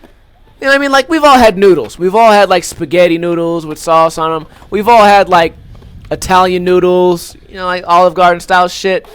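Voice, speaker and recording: High-voiced man ranting profanely. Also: fairly even intonation, normal speed, clear, resonant tone, no echo. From Las Vegas. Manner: ranting, profane, exaggerated, frequent fillers. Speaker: podcast host. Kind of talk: casual comedic rant.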